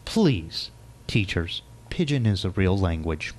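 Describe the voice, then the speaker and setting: A man's voice: sits low, big pitch swings, slow pace, a little mellow. A man hosting a casual talk show, enthusiastic and playful as he chats with his guest. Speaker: host. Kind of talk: casual chat.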